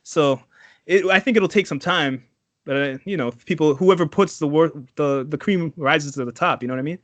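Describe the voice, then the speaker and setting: A man from Trinidad co-hosting a casual podcast, animated and profane, acting out quotes. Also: a little high, normal speed, no room sound. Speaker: podcast co-host. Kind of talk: casual chat.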